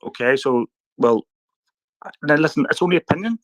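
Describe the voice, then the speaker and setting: A man's voice: fairly high pitch, expressive, fairly bright tone, no echo. A middle-aged Irish man in a heated live audio chat, often stumbling over repeated words as he tries to get his point across. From Ireland. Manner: halting, repeats words while trying to get a turn.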